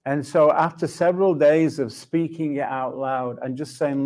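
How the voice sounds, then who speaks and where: A man's voice: mid-range voice, moderate pace, few pauses, darkish tone. A middle-aged man sharing a personal testimony in conversation, reflective and laughing often as he acts out his dialogues with God. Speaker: Christian speaker.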